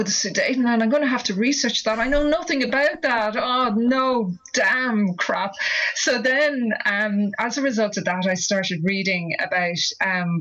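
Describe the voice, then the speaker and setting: A woman's voice: mid-range voice, a bit bright. An Irish woman in her fifties, an author being interviewed, talking thoughtfully and rambling with many restarts. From Ireland. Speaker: author guest. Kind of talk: casual interview conversation. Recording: dull lo-fi audio.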